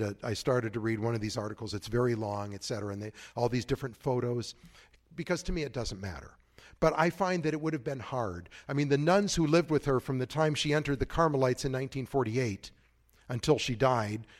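A man who is a priest, giving a conference talk in a conversational, digressive way with frequent asides. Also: medium pitch.

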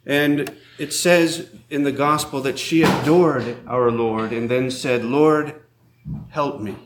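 A man preaching a sermon as a priest, in a slow, measured way, reading scripture aloud. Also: medium pitch, fairly even intonation, echoey room, background noise.

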